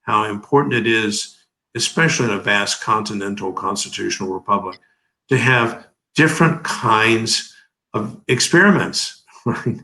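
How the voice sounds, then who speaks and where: A man's voice: lowish voice, lively intonation, moderate pace, bright, forceful tone, poor audio. A man in his seventies giving emphatic, oratorical legal commentary as an interview guest, leaning on rhetorical questions. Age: 70s.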